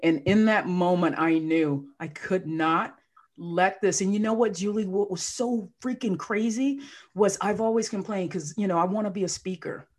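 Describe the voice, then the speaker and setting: Guest voice: a woman coach, expressive and emotional, plays out the quotes in her story, mid pitch. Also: normal speed. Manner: emotional, animated storyteller who acts out quotes. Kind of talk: casual podcast interview.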